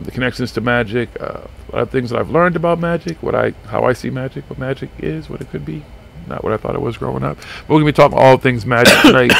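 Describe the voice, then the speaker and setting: Male talk-radio host, gravelly, rambling, cursing, small studio with faint noise. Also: medium pitch. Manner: profane, rambling, animated. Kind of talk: casual live radio chat.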